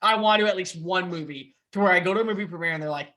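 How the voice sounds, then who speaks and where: A young man chatting as a podcast guest over a video call, excitable and quick, with playful impressions and swearing. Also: high-pitched. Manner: excitable, fast, with playful put-on voices and profanity. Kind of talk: casual chat.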